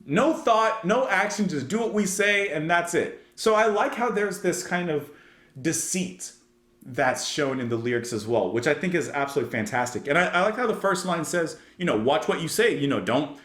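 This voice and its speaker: A man's voice: a little high, expressive, normal speed, fairly bright tone, reverberant. A man hosting a music reaction channel, reviewing a song in casual, enthusiastic speech that rambles with lots of "like" and restarts.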